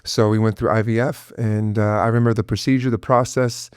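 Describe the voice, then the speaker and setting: A man's voice: fairly low pitch, steady tone, a little fast, smooth, dry recording, studio quality. Earnest, emotional father telling his story. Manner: earnest, intense, many restarts and fillers. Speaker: guest, father of an autistic son. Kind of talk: emotional personal interview.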